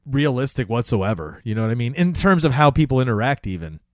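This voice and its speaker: Expressive man recapping scenes, laughing often. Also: mid-range voice, fast, no room sound, studio quality. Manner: laid-back, laughs often, retells scenes with voiced quotes. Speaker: podcast co-host. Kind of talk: casual chat recapping a sitcom.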